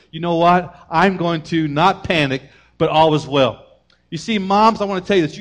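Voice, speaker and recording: A man preaching a sermon to mothers, energetic and conversational, acting out short scenes of family members as he goes. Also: a little high. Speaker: pastor.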